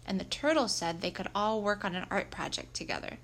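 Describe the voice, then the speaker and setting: A woman narrating a children's book aloud in a lively, expressive storytelling manner. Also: medium pitch, a little fast, slight background noise. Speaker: audiobook reader.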